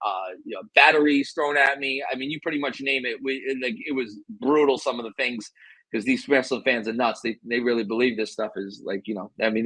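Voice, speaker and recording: A former pro wrestler telling stories in a relaxed interview, animated and boastful. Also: male voice, mid-range voice, dry recording, low-quality recording. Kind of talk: casual interview storytelling.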